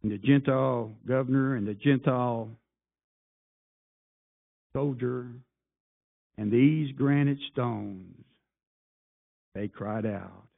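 A man preaching a sermon, firing off rhetorical questions and swinging between loud appeals and hushed asides. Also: medium pitch, slow pace, creaky, pauses often. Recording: tinny phone-like sound.

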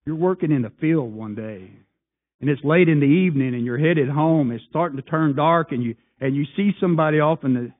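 A man preaching a sermon, firing off rhetorical questions and swinging between loud appeals and hushed asides. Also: fairly high pitch, a little fast. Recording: tinny phone-like sound.

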